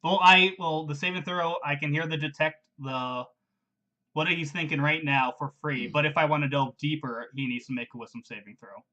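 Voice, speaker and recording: A man's voice: a little high, moderate pace, sharp tone, highs cut off. A man playing a tabletop game over voice chat, reading his spell rules aloud and laughing often. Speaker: player.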